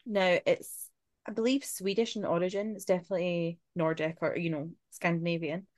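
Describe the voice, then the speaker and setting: A Scottish woman co-hosts a podcast, chatting casually and swearing freely while she tells spooky folklore, with laughing asides thrown in. Her voice sits fairly low with fairly even intonation, at a normal speed, and there's no room sound.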